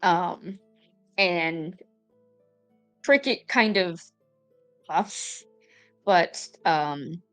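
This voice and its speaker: Unhurried woman game master, smooth voice. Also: lowish voice, expressive, a bit bright, soft background music. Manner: unhurried, filler-laden narration. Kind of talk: narrating a tabletop game.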